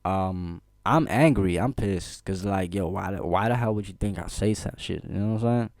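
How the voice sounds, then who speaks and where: Lively low-voiced storyteller. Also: male voice, moderate pace, no echo, clean studio sound. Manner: animated, laughing, slangy, frequent "bro" and "see what I'm saying". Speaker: vlogger. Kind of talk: casual storytelling.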